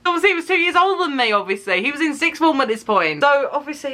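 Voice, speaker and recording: A British woman in her twenties, an animated and dramatic storyteller who laughs and swears while she vlogs. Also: sits high, fast, few pauses, slight background noise. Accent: British English. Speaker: YouTuber. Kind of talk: storytime vlog.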